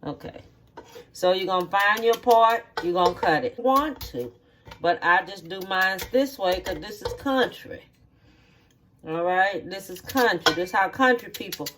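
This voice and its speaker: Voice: mid-range voice, a bit bright, slight background noise. A home cook, giving a cooking demonstration in a kitchen, repeating each step and checking in with "okay?" along the way. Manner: slow, repetitive instructions, checking in with "okay?".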